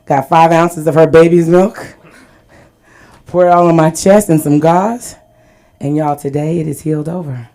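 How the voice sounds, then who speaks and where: A woman's voice: deep voice, fairly even intonation, moderate pace, long pauses, warm tone. A woman doing a stand-up set at an open mic, telling stories and laughing at her own jokes, on a small club stage. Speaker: stand-up comedian.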